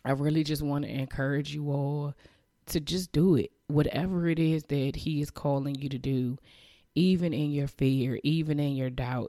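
Earnest woman with a gravelly, dry voice. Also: very deep voice, dark tone, no room sound. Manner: earnest, emotional and encouraging, repeats herself. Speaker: podcast host. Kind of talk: motivational faith podcast monologue.

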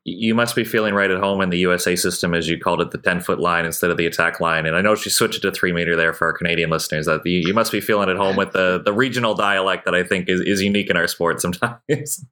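A podcast host interviews his guest with quick, enthusiastic questions. His voice sits very low yet sounds bright and forceful, and he talks at a brisk clip.

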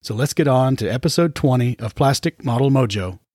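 A man hosting a hobby podcast, chatting casually in a relaxed, unhurried way with frequent fillers. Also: medium pitch, no echo, studio quality. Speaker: podcast host.

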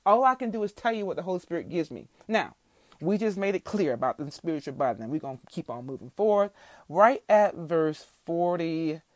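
A woman's voice: fairly low pitch, expressive, a little fast, dry recording. A woman hosting a faith podcast, telling a heartfelt testimony and teaching scripture in a preacherly way. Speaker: podcast host.

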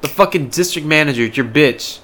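A man's voice: a little high, lively intonation, moderate pace, fairly bright tone. A man co-hosting a podcast, telling wry, profane stories full of tangents. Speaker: podcast co-host. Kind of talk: casual podcast chat.

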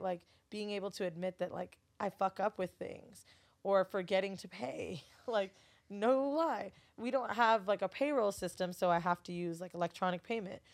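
A woman from Florida chatting as a podcast guest, candid and profane, laughing often and leaning on filler words. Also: medium pitch. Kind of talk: casual podcast chat.

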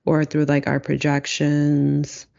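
A person in a reflective casual conversation, speaking slowly and searchingly with many fillers. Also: mid-range voice, completely flat delivery, gravelly, dark tone, highs cut off.

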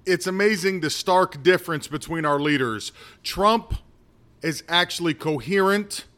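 A man's voice: on the high side, unhurried, fairly bright tone. A man hosting a political commentary show, talking casually in a sarcastic, mocking way.

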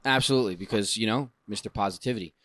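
A man's voice: fairly low pitch, very fast, a bit bright. A man co-hosting a podcast in casual chat, upbeat and preachy in a motivational way. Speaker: podcast co-host.

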